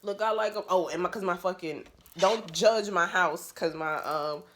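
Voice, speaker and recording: A woman's voice: fairly low pitch, normal speed, a little hiss or hum. A woman talking to her phone camera at home in a casual vlog, blunt, profane and emphatic, laughing often. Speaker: vlogger.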